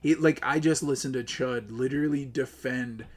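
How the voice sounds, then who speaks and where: A man streaming live, ranting with lots of swearing, upset and close to tears, swinging between loud outbursts and low mutters. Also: normal speed. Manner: profane, agitated, swings between yelling and muttering. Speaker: livestreamer.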